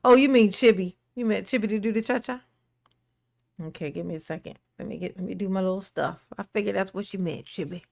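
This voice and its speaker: A woman's voice: mid-range voice, fairly quick, vocal fry, a little mellow, no echo. Chatty woman livestreamer, dry close sound. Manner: chatty, laughs often, greets viewers by name. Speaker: livestream host. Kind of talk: casual livestream chat.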